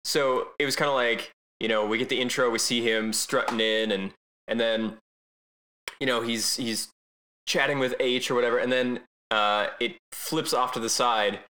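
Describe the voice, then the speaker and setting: A man's voice: medium pitch, fairly even intonation, normal speed, sharp tone. A man giving his opinions in a casual movie podcast, often stammering and restarting sentences. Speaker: podcast co-host.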